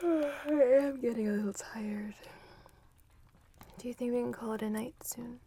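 Woman doing whispered role-play, soft and cuddly, breathy mellow voice. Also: fairly high pitch, fairly even intonation, a little slow. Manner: soft and affectionate. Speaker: ASMR role-play partner.

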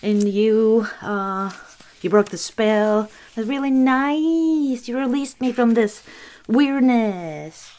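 A woman's voice: on the high side, lively intonation, slow, darkish tone, pitched above the performer's own voice. A grateful young prince from a storybook, earnest and gushing with thanks. A woman voices him in her own light, slightly raised tone. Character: grateful young male prince, freed from a curse.

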